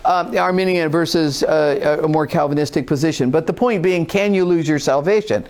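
High-voiced man teaching a Bible lesson. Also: a little fast, a little mellow. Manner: informal, emphatic, repeats for stress; acts out a whiny skeptic voice at times.

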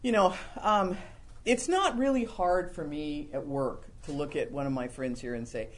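A man's voice: animated, normal speed, a little hiss or hum. Folksy, playful preacher man. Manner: folksy and humorous, acting out quoted lines, dropping soft and low for confessions. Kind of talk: conversational sermon.

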